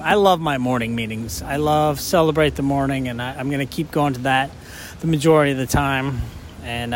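A man's voice: fairly high pitch, slight background noise. Rambling, joking middle-aged man. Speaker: podcast co-host. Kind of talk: casual chat.

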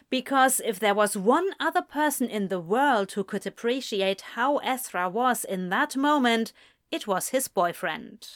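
A woman reading a story aloud in measured, gentle scripted narration. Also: fairly high pitch. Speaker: audiobook reader.

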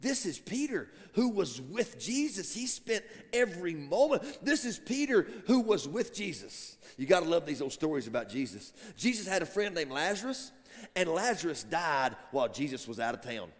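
A man preaching a sermon as pastor, animated and building to shouts. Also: on the high side, normal speed. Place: church sanctuary. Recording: long church hall reverb.

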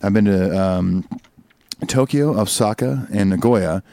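A young man co-hosts a casual podcast in a low voice. He is playful and jokes around. The sound is close and dry. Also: a little slow, mellow, no room sound. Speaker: podcast co-host.

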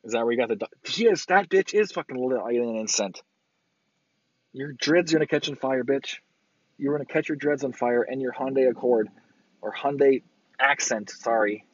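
A man's voice: mid-range voice, normal speed, no echo. Crude man ranting in traffic. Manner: crude, yelling insults at other drivers, sarcastic. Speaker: vlogger ranting while driving. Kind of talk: profane road-rage rant. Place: inside a car in traffic. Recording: dull lo-fi sound.

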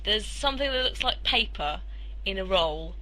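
A woman's voice: medium pitch, expressive, normal speed, bright, forceful tone, rough recording. A woman co-hosting a podcast, explaining things in a rambling way with fillers and swearing. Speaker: podcast co-host. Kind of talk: casual podcast banter.

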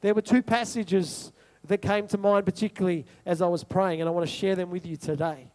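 Very high-voiced preacher. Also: male voice, steady tone, fairly quick, a little mellow. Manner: repetitive rhetorical preaching, asks the congregation questions. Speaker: pastor. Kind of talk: sermon.

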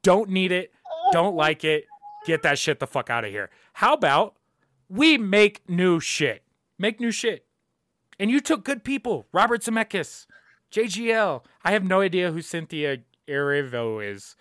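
Young man, podcast host, emphatic profane rant, repeats himself, sharp tone, dry close sound. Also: high voice, big pitch swings, measured pace, no echo. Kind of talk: casual ranting commentary.

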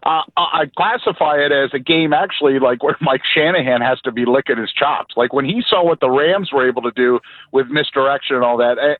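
A man's voice: mid-range voice, no echo. A man calling in as a regular guest on a sports radio show, talking bluntly and emphatically in rambling runs. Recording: phone-line call-in.

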